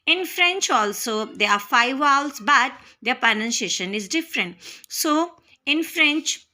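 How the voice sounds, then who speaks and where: A woman tutor with an Indian English accent, teaching a slow, careful language lesson. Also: high-pitched, animated, pushed and bright.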